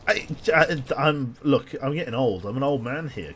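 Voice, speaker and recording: A man's voice: mid-range voice, animated, normal speed, a bit bright, slight background noise. A man giving dry, sardonic live commentary on his gameplay and chatting with viewers, swearing casually along the way. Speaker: game streamer.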